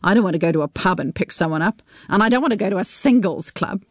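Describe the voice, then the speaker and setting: A woman reading a story on the radio, voicing a practical friend who talks briskly and bluntly. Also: lowish voice, expressive, no room sound, clean studio sound. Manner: brisk, no-nonsense.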